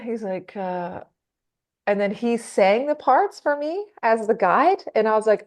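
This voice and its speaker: A woman singer in a casual interview, talking fast and loose, laughing often and acting out what other people said. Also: medium pitch, animated. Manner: chatty, laughs often, acts out quoted people. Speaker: metal singer being interviewed.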